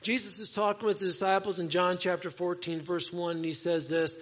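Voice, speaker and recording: A man preaching a sermon in a conversational way, moving between playful asides and hushed, earnest moments. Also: high-pitched, level tone, a little fast, big-room sound, lo-fi sound. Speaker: pastor. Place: church sanctuary.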